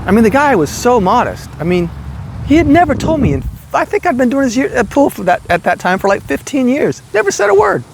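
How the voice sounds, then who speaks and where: A man in his sixties telling casual, rambling stories about his past work, getting animated as he goes. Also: fairly quick, slight background noise. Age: 60s. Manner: animated, rambling, jumps high when quoting himself. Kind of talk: casual storytelling.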